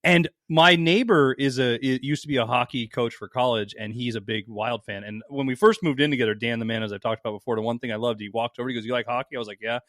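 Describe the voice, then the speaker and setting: A man on a casual podcast launching into loud, heated rants full of cursing. His voice sits at an ordinary male pitch. The recording is close and dry. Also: fast, few pauses, no echo. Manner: loud, heated ranting, heavy swearing. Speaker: podcast co-host.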